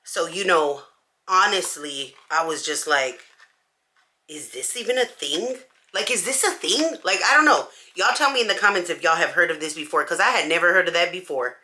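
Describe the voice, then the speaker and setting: A woman vlogger telling a story in casual slang while she does her makeup, acting out each person's lines. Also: fairly low pitch. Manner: animated, acts out everyone's lines in the story; casual slangy talk with many "like"s. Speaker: beauty vlogger.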